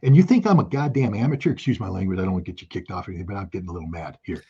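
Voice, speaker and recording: Urgent, emphatic man with a husky voice. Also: low-pitched, very fast, warm tone, dull audio. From United States. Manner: urgent, emphatic, repeating key phrases. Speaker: guest commentator. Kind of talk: impassioned political talk.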